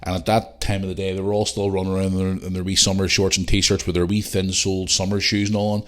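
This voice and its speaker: A man in his forties with a low, deep voice tells a story on his podcast. He swears often and throws himself into the voices of the people in his tale. His delivery is casual and animated. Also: fast. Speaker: podcast host.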